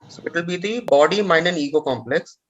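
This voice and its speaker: Man, high voice, measured explanations as a call participant; muffled sound. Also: lively intonation. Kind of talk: answering a question. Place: video call.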